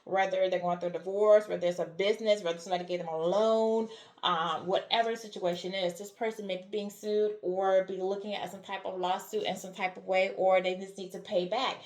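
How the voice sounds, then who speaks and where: A woman's voice: mid-range voice, fairly even intonation, fairly quick, darkish tone. Woman, tarot reader, repetitive chatty delivery, echoey room. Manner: repetitive, checks in with "all right?" and "okay?". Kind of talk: spiritual reading monologue.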